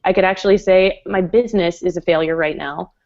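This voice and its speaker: A woman's voice: lowish voice, steady tone, a little fast, a little mellow, muffled recording. A woman guest in a casual interview chat, talking in a chatty way with frequent laughs and fillers. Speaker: guest designer.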